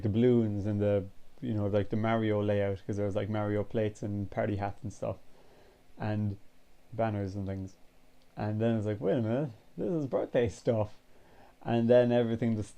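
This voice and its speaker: Low gravelly young man rambling. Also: dark tone. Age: 20s. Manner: rambling, storytelling with lots of fillers. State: tired throat. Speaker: vlogger. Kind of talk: casual vlog chat. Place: home bedroom.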